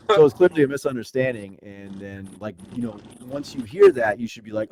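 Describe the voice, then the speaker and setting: A man guesting on a podcast, telling a story in casual, profane slang and getting animated when he retells exchanges. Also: fairly high pitch, fairly quick, gravelly, few pauses. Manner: profane, slangy, says dude and bro a lot.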